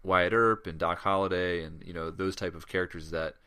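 A man's voice: deep voice, fairly even intonation, fairly quick, bright, forceful tone, clean tone. A man co-hosting a podcast in casual chat, rambling with lots of fillers and restarts. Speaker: podcast co-host.

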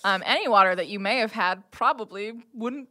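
A woman game master narrating a tabletop game in a loose, rambling way, filling gaps with fillers. Her voice is bright and clear, at a middle pitch. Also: fairly quick.

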